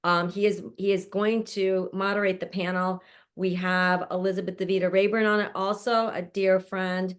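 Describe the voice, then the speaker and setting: A woman hosts an online panel from home, with her mother nearby, introducing each guest in an effusive, chatty way and laughing often. Her mid-range voice shows little pitch movement and moves at a moderate pace.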